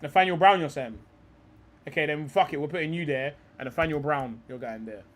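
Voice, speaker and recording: A young man hosting a live stream talks football in a rambling, heated way, swearing a lot and calling people bro. His voice is on the high side and his pace a little fast.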